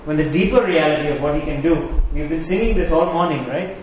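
A man preaching a sermon as pastor, emphatic, repeating key phrases and slowing down on them. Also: on the high side, darkish tone, slight background noise. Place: church sanctuary. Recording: very echoey hall, faint ambience.

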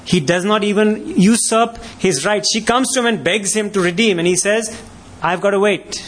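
A man preaches with a high voice for a man. He is emphatic and keeps firing rhetorical questions at his listeners. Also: moderate pace, fairly bright tone. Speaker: pastor. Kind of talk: sermon.

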